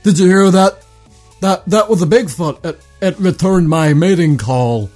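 Guy doing a loud stammery backwoods bigfoot hunter, way too excited, sounds a bit off-mic. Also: high voice, unhurried, soft background music. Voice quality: stammering, overexcited.

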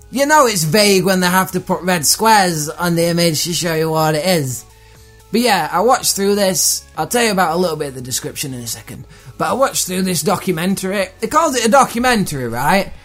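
A man's voice: high-pitched, a bit bright. A man hosting a comedy podcast, sarcastic and profane as he mocks odd news stories. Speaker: podcast host.

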